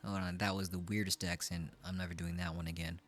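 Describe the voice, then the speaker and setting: A man's voice: sits low, flat delivery, quick pace, a bit bright, soft background music. A man in his twenties chatting casually on a live stream, playful and joking at his own expense. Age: 20s. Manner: playful, joking, self-mocking. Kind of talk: casual chat.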